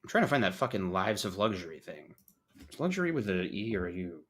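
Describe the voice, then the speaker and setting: Male podcast host, casual and profane, animated pitch, self-deprecating humor. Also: fast, husky. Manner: joking, profane, self-mocking. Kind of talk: casual chat.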